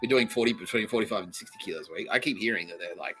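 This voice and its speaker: An Australian man hosts a comedy podcast, launching into profane, laughing, animated rants and rambling stories. His voice is fairly low and quick with few pauses, over soft background music on a low-quality recording.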